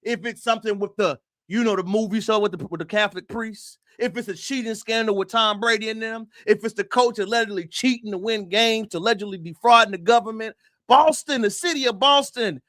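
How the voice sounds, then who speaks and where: High-voiced man ranting on a livestream. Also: fairly quick, no echo, clean studio sound. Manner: emphatic, rhetorical questions, addresses viewers directly; punchy repeated phrases, occasional shouting. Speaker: livestream host. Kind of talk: opinionated commentary livestream.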